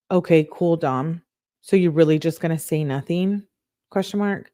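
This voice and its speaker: A woman with a fairly low voice reads a string of text messages aloud, stopping often to react in her own words. The sound is close and dry, with no room behind her. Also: dark tone, no echo. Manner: reads quotes then breaks in with quick reactions. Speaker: online true-crime show host. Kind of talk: reading text messages aloud with live commentary.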